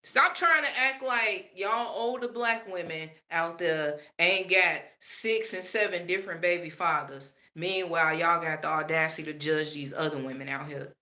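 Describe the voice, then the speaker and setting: A woman giving casual opinion commentary as a vlogger, sassy and animated, laughing often. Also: on the low side, moderate pace, hardly any pauses.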